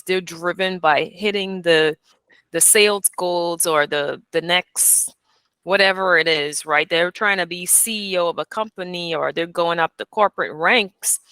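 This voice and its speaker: A woman coach in casual chat, speaking in a measured, thoughtful way. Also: on the low side, pushed and bright, clean tone, no echo.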